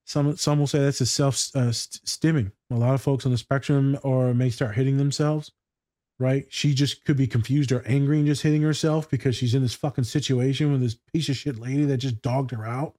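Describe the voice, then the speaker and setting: A man in casual conversation, talking bluntly and swearing freely as he tells stories. His voice is mellow and dark in tone, in a dry, close recording with no room echo. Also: mid-range voice, steady tone, fairly quick. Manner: blunt, profane, storytelling. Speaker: therapist reacting to a TV scene. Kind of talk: casual reaction chat.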